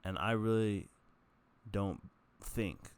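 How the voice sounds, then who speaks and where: A man's voice: fairly low pitch, fairly even intonation, takes it slowly, clean tone. A man talking casually to his vlog audience in a candid, rambling and profane way, full of self-mockery. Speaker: vlogger.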